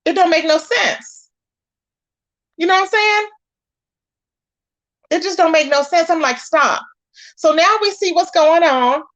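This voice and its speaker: A woman vents to her live-stream viewers, animated and exasperated. She acts out what others said as she goes. The audio is dull and lo-fi. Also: extremely high pitch, unhurried, long pauses. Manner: animated and exasperated, acting out quoted lines. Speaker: live-stream commentary host. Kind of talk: casual live-stream commentary, greeting chat viewers.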